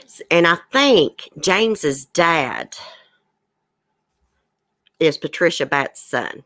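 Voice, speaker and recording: A woman's voice: deep voice, animated, extremely slow, fairly bright tone, dry recording. A woman hosting a true crime commentary livestream, reading news items aloud and giving blunt opinions to her chat viewers. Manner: reads news aloud, then gives blunt outspoken opinions. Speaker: livestream host.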